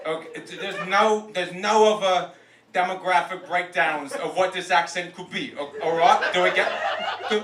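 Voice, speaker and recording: A man's voice: high voice, close to an everyday voice. A man playing William Shakespeare as a swaggering London roadman with put-on street slang, performing a roast on a comedy club stage. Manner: loud, swaggering, rambling asides. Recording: echoey club from a distance, noisy.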